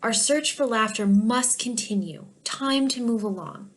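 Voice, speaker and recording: A woman's voice: a little high, measured pace, natural voice. A woman voicing an eager male companion who speaks in an insistent, encouraging way. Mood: urgent.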